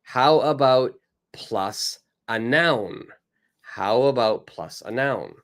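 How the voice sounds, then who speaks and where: A man's voice: mid-range voice, expressive, slow. A man teaching an online English lesson, greeting viewers by name and reading example dialogues aloud.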